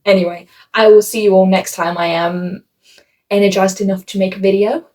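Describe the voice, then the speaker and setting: A woman's voice: mid-range voice, normal speed. Chatty rambling young-sounding woman reviewer. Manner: chatty, rambling, self-mocking; animated voice shifts for quoted asides. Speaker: book reviewer. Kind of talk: casual vlog review.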